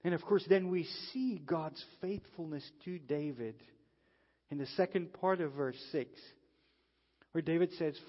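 A man preaching a sermon in an earnest way, pausing dramatically as he quotes scripture. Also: on the high side. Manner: earnest, slow, dramatic pauses when quoting scripture. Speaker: pastor. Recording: dull sound with long reverb in a hall.

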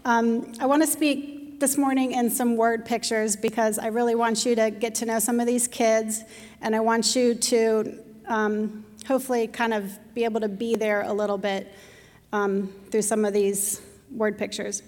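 A woman's voice: fairly high pitch, flat delivery, moderate pace, darkish tone. A middle-aged woman giving a heartfelt testimony at church, sharing about her mission team. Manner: heartfelt, choked up, reads children's stories aloud. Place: church sanctuary. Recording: long reverb of a church hall.

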